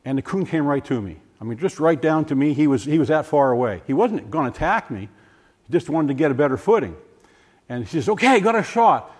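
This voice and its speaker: An older man giving a personal testimony, animated and full of restarts, acting out voices as he tells the story. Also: fairly high pitch, a little fast. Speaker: former science teacher giving a testimony. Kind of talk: personal testimony talk to a group.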